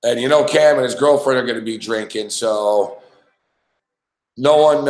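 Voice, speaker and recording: A man's voice: mid-range voice, measured pace, long pauses, a little mellow. A man with a mid-range voice tells a long, loose story as a sports talk host. He swears freely and circles back on himself. The room around him sounds echoey. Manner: profane, rambling, laughs a lot. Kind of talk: casual storytelling chat.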